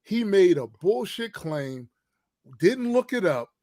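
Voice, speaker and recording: A man's voice: high voice, very animated, slow, dark tone. A man co-hosting a podcast in casual chat, emphatic and profane. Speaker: podcast co-host.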